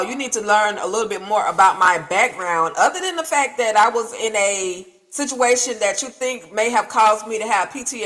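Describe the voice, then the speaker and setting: A woman's voice: mid-range voice, a bit bright. A woman panelist in a casual online discussion, rambling and full of fillers.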